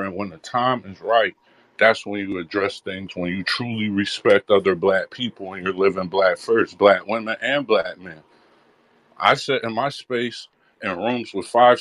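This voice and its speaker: A man holds the floor in an online audio room, talking earnestly in a repeating, preaching rhythm. His voice sits low, and the sound is dry and close with no room around it. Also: fairly bright tone, no echo. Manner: earnest, repetitive, preaching cadence. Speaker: speaker in a live audio room. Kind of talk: impassioned conversational address.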